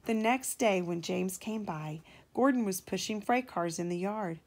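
A woman's voice: medium pitch, measured pace, hardly any pauses, a little mellow. Mother reading a storybook aloud. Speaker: mother reading to her child. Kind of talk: children's storybook read-aloud.

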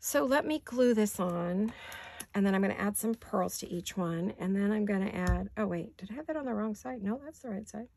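A woman's voice: medium pitch, lively intonation, brisk, vocal fry, darkish tone. A woman hosting a home crafting video, chatting casually and talking to herself as she works, with hiccups. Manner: chatty, talks to herself while working. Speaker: crafting channel host.

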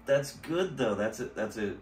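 A man's voice: medium pitch, animated, moderate pace. A man co-hosting a casual reaction chat, easygoing and musing aloud with small restarts. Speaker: reaction video host. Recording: echoey room, distant mic, faint hiss.

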